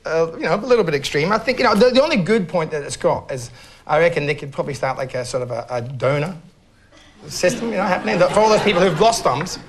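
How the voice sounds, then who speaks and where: A man's voice: on the high side, fast talker, a little hiss or hum. A man, a guest on a comedy panel, who rambles with lots of fillers and swears freely. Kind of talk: casual panel banter.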